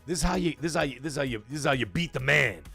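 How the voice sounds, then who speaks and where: A man hosting a live gaming talk show, chatting casually and thanking viewers from chat in a rambling, animated way. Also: mid-range voice, racing, creaky, slightly rough, faint music behind. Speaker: livestream talk show host.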